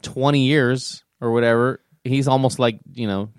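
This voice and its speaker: A man's voice: mid-range voice, fairly even intonation, moderate pace, clean tone, no room sound, studio quality. A man co-hosting a casual sports chat, wry and rambling in short fragments. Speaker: podcast co-host.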